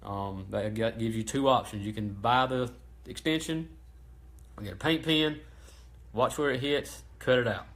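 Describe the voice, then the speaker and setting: A man hosting a casual how-to livestream about engine parts, talking in a relaxed, chatty way with many ums and restarts. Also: mid-range voice, measured pace. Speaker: host of a racing parts livestream.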